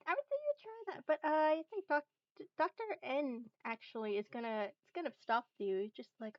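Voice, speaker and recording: A woman's voice: high voice, expressive, brisk, no room sound, muffled recording. A woman running a tabletop game as game master, hesitant with many fillers and restarts.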